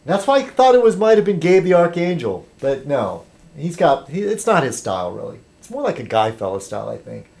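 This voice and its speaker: A man's voice: fairly high pitch, very animated, fairly quick, vocal fry, darkish tone. A man rambling casually on a webcam vlog, chatty and full of ums and restarts. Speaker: video blogger.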